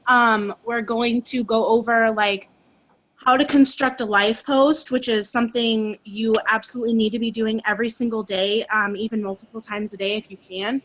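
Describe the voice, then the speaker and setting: A woman's voice: on the high side, fairly even intonation, moderate pace, fairly bright tone, rough recording. A woman leading a casual team training call, chatty and full of "like" and "um" fillers, speaking over a video call. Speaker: call co-host leading the session.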